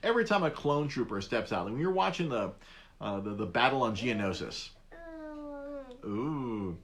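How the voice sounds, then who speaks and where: A man hosts a podcast in a casual, rambling monologue. His voice is lively, with plenty of rise and fall in pitch. He keeps stopping and restarting his sentences as he talks. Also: moderate pace, crowd noise. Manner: rambling, many restarts, animated. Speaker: podcast host.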